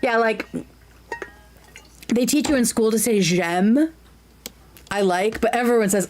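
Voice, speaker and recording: A woman's voice: a little high, measured pace, long pauses, a little mellow. A woman streamer chatting casually while reacting to a clip, bubbly and giggly, who slips into fluent French.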